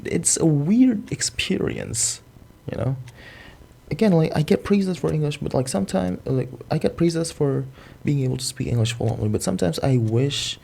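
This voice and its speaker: Young man with a gravelly, husky voice. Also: on the high side, lively intonation, normal speed, darkish tone. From Indonesia. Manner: casual, reflective, many fillers and restarts. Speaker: host. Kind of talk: improvised personal talk.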